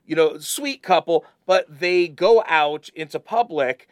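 A man co-hosting a podcast in casual chat, excitable and rambling, often repeating himself. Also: on the high side, unhurried, dry recording, clean studio sound. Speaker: podcast co-host.

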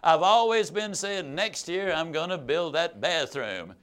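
A man's voice: on the high side, animated, measured pace, fairly bright tone, smooth. A man doing a stubborn, plain-spoken old farmer. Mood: earnest. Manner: folksy rural speech, earnest.

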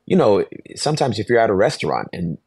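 Deep-voiced man telling a vivid story. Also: fast, breathy edge, no room sound. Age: 40s. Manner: animated storyteller, acts out voices, laughs often. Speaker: pastor, podcast guest. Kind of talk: storytelling in a podcast interview.

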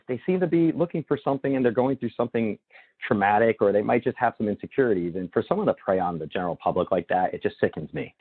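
Husky low-voiced male host, phone line. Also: no echo. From Florida, USA. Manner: earnest, rambling questions. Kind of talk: casual interview conversation.

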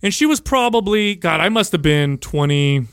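A man chats casually as he begins a story, with easy asides along the way. His voice sits slightly high for a man, and the mic is close and dry. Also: animated, normal speed, fairly bright tone, smooth, dry recording.

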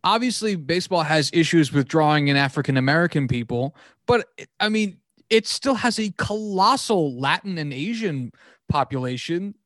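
A man co-hosting a casual sports podcast, talking in an animated, exasperated way with swearing and sarcastic asides. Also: fairly high pitch, moderate pace, no room sound, clean studio sound. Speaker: podcast co-host.

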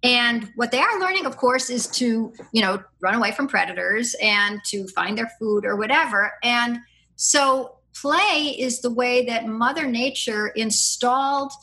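A middle-aged woman, a podcast guest, chatting and explaining at length in a lively, rambling way, with laughs and restarts. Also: a little high, a little slow. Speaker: podcast guest, free-play advocate. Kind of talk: casual conversational explaining.

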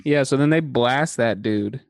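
A man's voice: mid-range voice, unhurried, creaky, no echo, studio quality. Laughing man chatting about a movie. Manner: laughs often, chimes in, quotes lines with relish. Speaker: podcast co-host. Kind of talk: casual chat recapping a movie.

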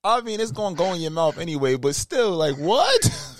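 A man's voice: high-pitched, very animated, moderate pace, slight background noise. A man co-hosting a podcast, reacting bluntly and with disbelief in casual chat. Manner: incredulous, blunt, laughing. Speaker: podcast co-host.

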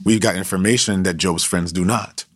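A man's voice: deep voice, fairly even intonation, normal speed, fairly bright tone, slightly rough. A man preaching a sermon in a conversational, emphatic way with slangy asides.

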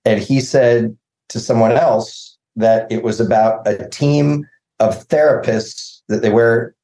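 A man's voice: medium pitch, steady tone, takes it slowly, dark tone, roomy sound, rough recording. A man telling rambling, self-deprecating stories and laughing often in a casual podcast chat over a video call. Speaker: showrunner guest.

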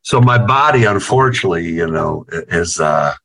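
Low-pitched and gravelly yet fairly bright, this middle-aged New Yorker speaks at normal speed with animated delivery. As the interviewed guitarist of a band, he tells profane, rambling stories on a casual video call, repeating words along the way.

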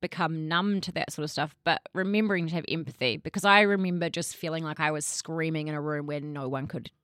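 A woman with a low, deep-set voice speaks frankly as an interview guest, telling her own story with raw emotion and the odd curse. The recording is close and dry, with no room sound around her. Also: fairly even intonation, brisk, fairly bright tone, no echo. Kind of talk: candid interview conversation.

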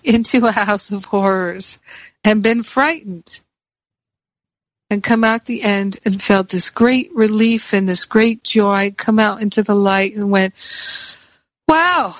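A woman's voice: medium pitch, no echo. A woman giving a reflective spiritual teaching talk, repeating key phrases for emphasis. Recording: dry, slightly muffled recording.

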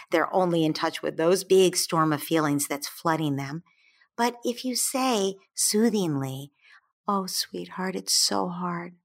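A woman with a slightly low voice talks through parenting advice in an interview. She sounds gentle and soothing, and she slows down to land her key points. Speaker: parenting expert guest. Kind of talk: calm explanatory advice.

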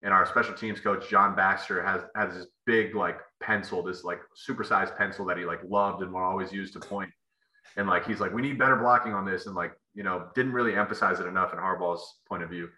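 A man's voice: low-pitched, fairly even intonation, brisk, sharp tone. A man, a former football player, telling rambling stories as a podcast guest, with many fillers and restarts. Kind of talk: casual storytelling interview. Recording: echoey room.

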